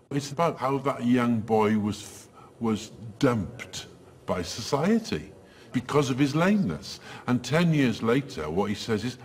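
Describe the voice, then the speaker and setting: A man's voice: mid-range voice, lively intonation, unhurried, slight background noise. A man, a theatre director, explaining thoughtfully in a documentary interview.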